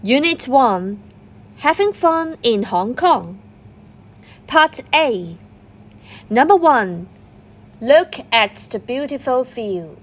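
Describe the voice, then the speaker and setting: A woman reading a school dictation exercise aloud, slowly and deliberately, saying each punctuation mark out loud. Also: fairly high pitch, sing-song. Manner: reads punctuation aloud, words spaced and deliberate. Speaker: dictation reader.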